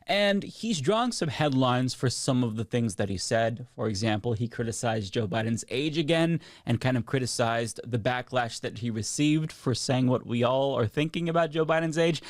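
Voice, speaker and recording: A man's voice: medium pitch, dry recording. Opinionated male commentator, blunt and profane, very dry close mic. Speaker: political commentator. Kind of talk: video commentary on news.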